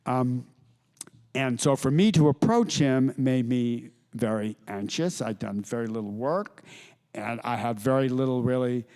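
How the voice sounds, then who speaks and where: A man's voice: mid-range voice, expressive, a little slow, a little mellow. Middle-aged guy telling stories at a talk, lots of restarts, does quoted voices. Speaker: author. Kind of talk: storytelling talk to an audience. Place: lecture hall with audience.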